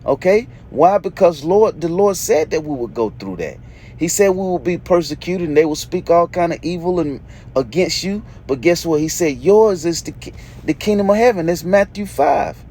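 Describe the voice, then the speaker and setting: A man's voice: fairly high pitch, expressive, moderate pace, mellow, slight background noise. A man teaching a sermon, reading verses aloud and explaining them emphatically, checking in with "okay?" after nearly every point. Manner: emphatic, repeats "okay?" often, reads scripture aloud then explains. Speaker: preacher.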